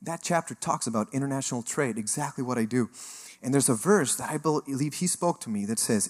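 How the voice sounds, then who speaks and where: A middle-aged man from Mexico giving a sermon testimony, telling his story with animated energy and acting out the voices he quotes. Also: medium pitch, a little fast. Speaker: guest speaker sharing testimony.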